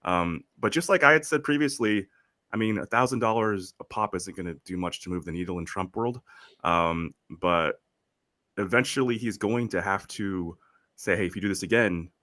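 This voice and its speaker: Deep, bright-toned male news co-host. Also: no room sound, clean studio sound. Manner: measured, hedging with frequent ums. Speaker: podcast co-host reading headlines. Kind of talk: casual news chat.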